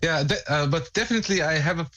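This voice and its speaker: Man, co-host, casual chat, hesitant, lots of restarts, slightly high voice. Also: fast talker, fairly bright tone, highs cut off. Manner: hesitant, searching for words, many restarts. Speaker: co-host and music producer.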